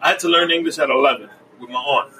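A man from Washington Heights hosting a casual interview chat, relaxed and prone to quick restarts. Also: fairly high pitch. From Washington Heights, New York. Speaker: podcast host. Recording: distant mic with faint room noise.

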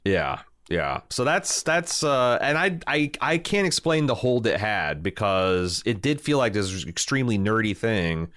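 A man's voice: fairly low pitch, unhurried, few pauses. A man from Indiana, around his thirties, telling a long story in casual chat, swearing freely and filling with "like" and "you know". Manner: animated storyteller, swears freely, lots of fillers.

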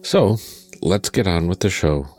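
A man with a lowish, lively voice, worn a little by sickness, runs through show announcements with upbeat enthusiasm. Faint music plays behind him. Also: a little slow. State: sick voice. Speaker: podcast co-host. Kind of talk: announcements and casual chat.

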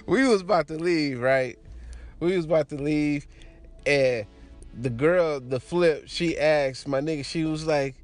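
A man's voice: fairly high pitch, slow pace, soft background music. A young adult man casually telling a crude personal story, laughing often and acting out the voices of the people in it.

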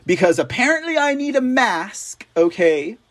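A man's voice: extremely high pitch, sing-song, a bit bright. A man hosting a political news show, reading stories aloud with sarcastic, rambling, mocking asides. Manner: slow, drawn-out delivery.

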